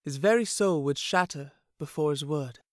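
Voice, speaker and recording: Nervous male sidekick, read by a man; hesitant, pitched a bit higher. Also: normal speed, no room sound, studio quality, close to an everyday voice.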